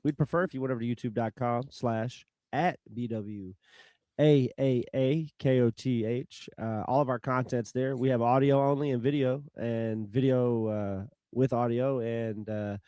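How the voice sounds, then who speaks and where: A man co-hosting a podcast chats in a relaxed, halting way, often stopping and restarting as he talks. His voice sits at a middle pitch, and the sound is dry and close. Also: no room sound. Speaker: podcast co-host. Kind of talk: casual chat.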